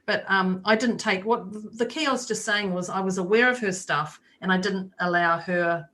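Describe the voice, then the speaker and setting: A woman's voice: medium pitch, normal speed, a bit bright. A woman co-hosting a talk podcast, chatting casually and acting out the voices of people in her story. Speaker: podcast co-host. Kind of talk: casual chat.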